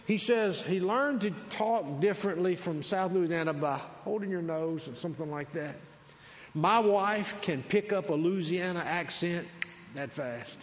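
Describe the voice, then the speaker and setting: A male pastor preaching a sermon, swinging between loud declarations and quiet asides. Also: sits high, unhurried, slight background noise. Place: large church sanctuary. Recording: long hall reverb.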